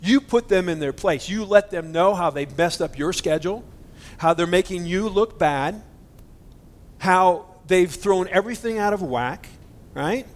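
High-voiced earnest male preacher. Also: expressive, unhurried. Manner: earnest, indignant, talks to listeners directly. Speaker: pastor. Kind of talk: conversational sermon.

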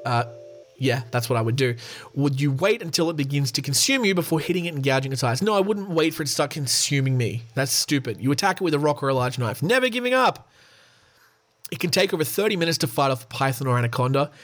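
A podcast host chats casually while reading quiz questions aloud and jokingly answering them himself. His mid-range voice is lively and a bit bright, and he talks quickly over soft background music.

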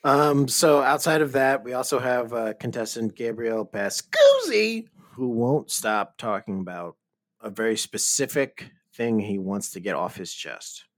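A man's voice: medium pitch, very animated, measured pace, no room sound. A man hosting a podcast, steering the talk with dry, wry remarks. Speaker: podcast host. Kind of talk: casual chat recapping a cooking show.

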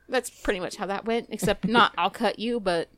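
A young woman on a podcast mic telling a rowdy story with lots of swearing and loud outbursts. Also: medium pitch, unhurried, no room sound. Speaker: guest storyteller. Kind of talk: casual podcast chat. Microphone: close podcast mic.

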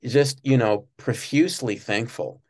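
A man being interviewed, telling long, rambling stories about his work at a TV studio and breaking into quick impressions of people. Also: medium pitch. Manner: rambling, many restarts, animated when mimicking others. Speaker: guest recalling work at a TV studio. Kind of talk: casual interview storytelling.

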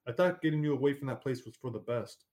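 A man voicing a kindly old grandmother who speaks gently and soothingly in a storybook. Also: medium pitch, fast, close to an everyday voice. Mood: apologetic.

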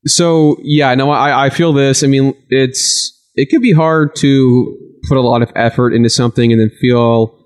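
A man's voice: medium pitch, steady tone, normal speed, few pauses, smooth. A man hosting a podcast in casual chat, joking and swearing with friends. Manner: swearing, laughing banter. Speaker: podcast host.

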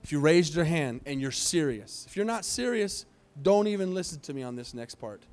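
A pastor leading an altar call during a church service, speaking earnestly with pleading, repeated phrases. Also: male voice, on the high side, expressive, moderate pace, a little mellow, faint music behind.

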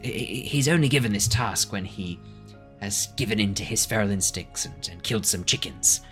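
A bright-voiced man narrating a tabletop game as its game master. He chats loosely with a lively, swinging pitch and fills his lines with 'like'. Soft music plays under the talk. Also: normal speed. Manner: chatty, laughs often, lots of 'like'.

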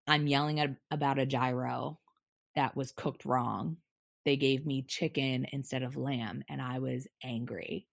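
A young adult woman telling a personal story as a podcast guest, candid and halting, with many restarts. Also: extremely low pitch, creaky, dry recording, clean studio sound.

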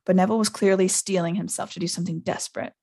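A podcast host, a woman, reading a novel aloud in a casual, unpolished way. Her voice has a gravelly fry, and she jumps up in pitch whenever she voices a character's lines. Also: rapid-fire, no room sound, studio quality. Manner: reads with lively character voices, pitching up for quoted speech.

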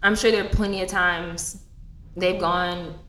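A young woman in casual chat, animated and swearing freely, with many fillers. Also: on the low side, measured pace, slight background noise. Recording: echoey room.

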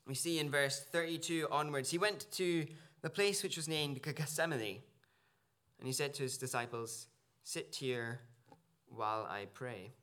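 A man's voice: a little high, sharp tone. A man preaching a sermon in earnest, searching tones, with small restarts as he works through a passage. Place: church.

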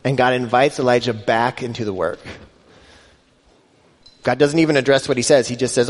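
A male pastor gives a conversational sermon, building to rising emphasis and quoting scripture in different voices. He speaks at a medium pitch and moderate pace, pausing often, and a long hall reverb trails his words.

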